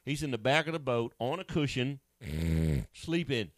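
Male pastor, lively swooping delivery, dry booming close-up sound, jokey asides. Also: unhurried, no echo. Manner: animated, acts out voices with sudden high pitch jumps; conversational and joking, with asides to a co-host. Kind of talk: sermon.

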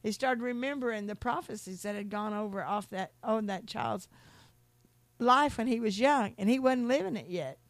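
A middle-aged woman, telling stories in a sermon, rambling and restarting, climbing high when she preaches about God. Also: normal speed, dry recording. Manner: rambling, repeats words and restarts, laughs between stories. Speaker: speaker giving a testimony talk. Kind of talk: sermon-style storytelling.

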